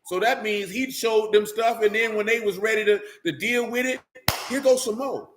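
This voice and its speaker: A man with an African American Vernacular English accent teaching scripture in a sermon style, animated and preachy, full of rhetorical questions and street vernacular. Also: high-pitched, normal speed.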